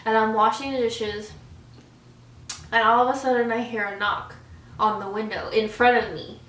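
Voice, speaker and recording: A lively young woman, a vlogger, tells stories over a meal and acts out every scene. Her voice is bright and on the high side. It sits a little off the mic in a roomy, echoey space with faint noise behind her. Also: normal speed, far from the mic. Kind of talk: casual storytelling over a meal.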